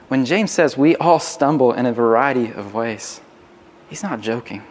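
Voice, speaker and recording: A man's voice: mid-range voice, expressive, moderate pace, a little hiss or hum. A man preaching a sermon as a pastor, conversational and full of restarts. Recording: long hall reverb.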